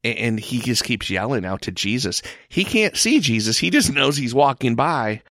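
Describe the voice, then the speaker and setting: A man leading a casual Bible discussion, earnest and halting with frequent restarts. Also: medium pitch, very animated, a bit bright, no echo, clean studio sound. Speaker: Bible study leader.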